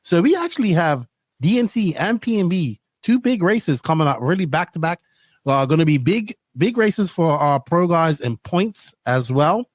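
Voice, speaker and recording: A man hosting a podcast in casual, rambling talk, often excited. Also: on the high side, normal speed, no echo. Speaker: podcast host.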